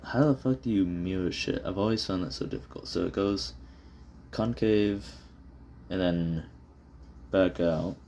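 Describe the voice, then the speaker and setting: Low-voiced rambling man, self-deprecating. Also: a little slow, pauses often, darkish tone, slight background noise. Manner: self-deprecating, rambling, frequent fillers and swearing. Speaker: vlogger drawing on camera. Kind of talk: casual rambling talk while drawing. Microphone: phone propped up on the desk.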